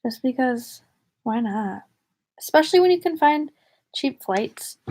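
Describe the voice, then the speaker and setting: A woman's voice: high-pitched, lively intonation, unhurried, a little mellow. A young woman from the northern United States chatting casually to viewers on a livestream, rambling and giggly. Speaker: vlogger.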